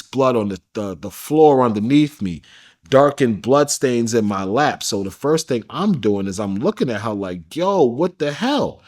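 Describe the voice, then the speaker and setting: Man telling a story in emphatic slang. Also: medium pitch. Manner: emphatic, slangy, addresses listener as bro. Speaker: interview guest. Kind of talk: casual storytelling.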